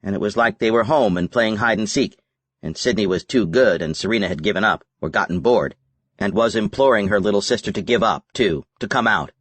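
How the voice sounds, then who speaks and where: A man narrating a novel as an audiobook in a measured, even reading. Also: fairly low pitch, no room sound. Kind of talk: scripted narration.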